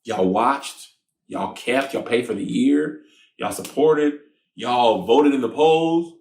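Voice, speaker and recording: A man giving a live speech to his supporters, thanking them in an emphatic, grateful tone and listing what they did in a steady rhythm. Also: mid-range voice, slow, creaky, reverberant.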